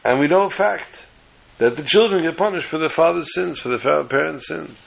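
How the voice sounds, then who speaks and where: A man's voice: on the high side, fairly quick, vocal fry, low-quality recording. A man giving an emphatic, lecturing sermon-style scripture lesson as a religious teacher.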